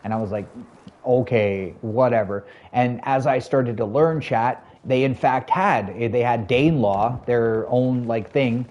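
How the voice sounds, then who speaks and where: A man's voice: medium pitch, unhurried, hardly any pauses, darkish tone, highs cut off. A man in his thirties chatting casually to his stream viewers, rambling loosely with lots of "like" and "you know". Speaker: live streamer.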